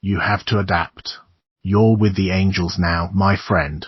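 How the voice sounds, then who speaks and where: A man doing a grim old neighbor, husky and low. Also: steady tone, measured pace. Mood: ominous. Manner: conspiratorial warnings, keeps calling the listener son. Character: shabby older male neighbor, grim and ominous. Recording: dull lo-fi dry recording.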